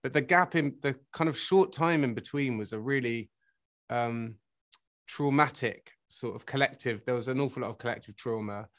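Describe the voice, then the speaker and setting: A man answering interview questions reflectively, pausing often with ums and restarts. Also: medium pitch, fairly bright tone. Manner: reflective, hesitant with many ums. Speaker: actor interviewee.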